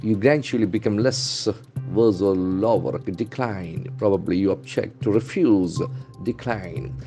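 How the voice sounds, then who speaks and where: A man's voice: lowish voice, unhurried, over music. A man teaching vocabulary from the news, spelling words letter by letter and repeating them. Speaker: English trainer. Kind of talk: newspaper vocabulary lesson.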